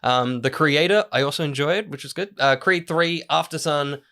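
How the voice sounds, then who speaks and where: A man's voice: on the high side, moderate pace, bright, forceful tone. A man hosting a movie podcast, casually reading out listener picks with laughs and asides. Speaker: podcast host. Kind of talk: casual chat.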